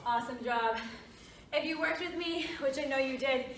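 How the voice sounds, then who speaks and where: Breathless high-voiced female fitness coach. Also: normal speed, a bit bright, a little hiss or hum. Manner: encouraging, form cues, short of breath. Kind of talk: workout instruction. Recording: echoey room, mic at a distance.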